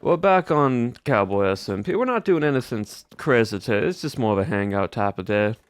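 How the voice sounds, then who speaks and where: A young man streams as a cowboy, chatting casually in character with a put-on Southern US drawl and a folksy, laid-back manner full of rambling asides. His mid-range voice is expressive, fairly quick, clear, and resonant, with no echo.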